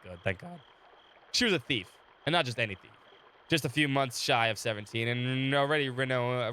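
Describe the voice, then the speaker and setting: A man's voice: mid-range voice, pushed and bright, a little hiss or hum. A man with a sore throat chatting casually on a live game stream and reading the game's story text aloud. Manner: chatty, talks to chat between readings, laughs often. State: sore throat, recovering from illness.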